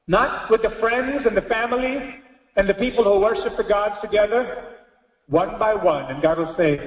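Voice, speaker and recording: A pastor preaching a sermon with emphasis, breaking into exclamations of praise. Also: male voice, high voice, moderate pace. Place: church hall. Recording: echoey hall, dull lo-fi audio.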